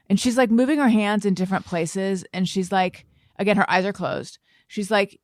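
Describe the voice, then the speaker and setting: A woman's voice: medium pitch, animated, a little fast, dry recording, studio quality. A woman hosting a podcast, chatting casually and telling amused stories. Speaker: podcast host. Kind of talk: casual chat.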